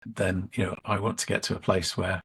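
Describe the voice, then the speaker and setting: A middle-aged man, a leadership coach and interview guest, telling a workshop story in a measured way and acting out the dialogue. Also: low-pitched, little pitch movement, a bit bright, breathy edge.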